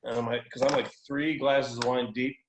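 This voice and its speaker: American guy telling a story, slangy and animated, mid voice, echoey room. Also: mid-range voice, normal speed, noisy background. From United States. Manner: animated, informal, profane. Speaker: guest. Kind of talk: casual storytelling.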